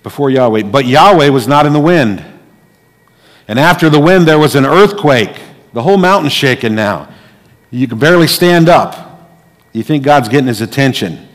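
A man preaching in a church hall, his voice carrying a long reverb that hangs after each phrase. He is dramatic, dropping to a hush and then rising to loud declarations. His pitch sits in a middle range for a man. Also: lively intonation, moderate pace. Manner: dramatic, swings from hushed to loud. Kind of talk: sermon.

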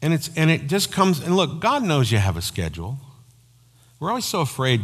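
A man preaching a sermon as pastor, telling personal stories in an animated way. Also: mid-range voice, moderate pace, husky. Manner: storytelling, animated, acts out quoted voices. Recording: long hall reverb.

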